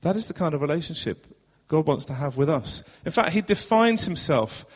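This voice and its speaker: Southern English male pastor, earnest preaching with rhetorical questions, a touch high-pitched, in a long-echo church. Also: expressive, fairly quick, slightly rough. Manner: earnest, rhetorical questions, swings between loud and hushed. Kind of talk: sermon. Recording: long hall reverb.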